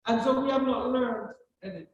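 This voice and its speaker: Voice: mid-range voice, a little fast, dull audio. A speaker with a Jamaican accent giving a ceremonial address at a commissioning service, telling stories earnestly and repeating words for emphasis. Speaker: guest speaker at a justice of the peace commissioning. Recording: distant voice in a very echoey hall.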